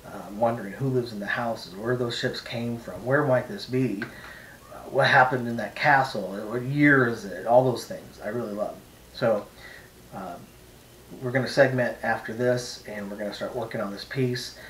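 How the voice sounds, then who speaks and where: A man's voice: medium pitch, normal speed, fairly bright tone, echoey room, far from the mic, slight background noise, close to an everyday voice, poor audio. A man voicing a rambling painter in a put-on Eastern European accent, hosting an art tutorial from his home studio. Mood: chatty. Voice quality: rambling, many restarts and fillers. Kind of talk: casual talk to camera.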